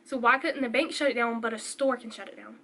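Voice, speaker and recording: A woman's voice: on the high side, fast talker. A young woman chatting through a storytime vlog, retelling a scene and acting out the people in it. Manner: chatty, animated retelling with quoted voices. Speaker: vlogger. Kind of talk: casual storytime.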